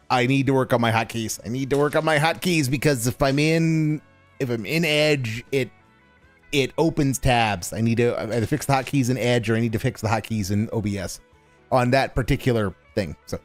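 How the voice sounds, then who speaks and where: A man's voice: medium pitch, expressive, normal speed, faint music behind. Sarcastic man riffing on stream. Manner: sarcastic, mocking, rambling with restarts and swearing. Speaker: stream host and co-commentator. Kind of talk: casual stream commentary.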